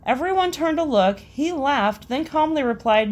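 A woman's voice: high-pitched, lively intonation, normal speed, darkish tone. A young woman casually reading out embarrassing stories and laughing between them. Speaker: storyteller reading listener stories.

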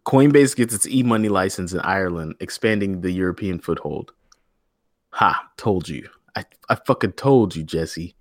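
A man's voice: low voice, lively intonation, moderate pace, no room sound, clean studio sound. Joking man co-hosting a crypto podcast. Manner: jokey, profane, reads news quotes aloud. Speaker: podcast co-host. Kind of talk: casual chat.

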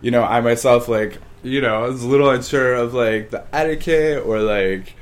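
A man's voice: mid-range voice, moderate pace. A man co-hosting a podcast in casual chat, rambling and hesitant with many fillers. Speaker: podcast co-host.

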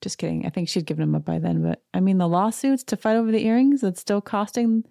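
A woman's voice: mid-range voice, fairly even intonation, fast talker, gravelly, warm tone, no echo, studio quality. A woman hosting a casual reality TV recap who talks in a sarcastic, gossipy, chatty way.

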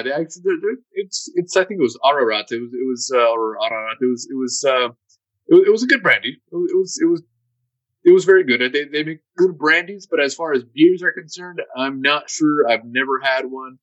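A man's voice: on the high side, expressive, fairly quick, fairly bright tone, no room sound, dull audio. A man co-hosting a podcast in casual chat, often stammering and repeating words. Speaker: podcast co-host.

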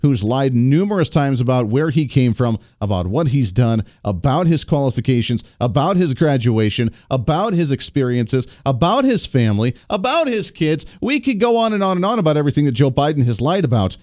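An American man hosting a political talk radio show, talking in an animated, sarcastic way and mocking quotes with put-on voices. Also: medium pitch, fairly quick, few pauses, dry recording, studio quality.

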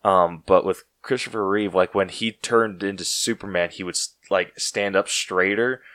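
A man hosting a casual podcast chat, excitable and full of "like" fillers. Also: deep voice, moderate pace, no room sound. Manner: excitable, heavy use of "like" fillers. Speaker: podcast host.

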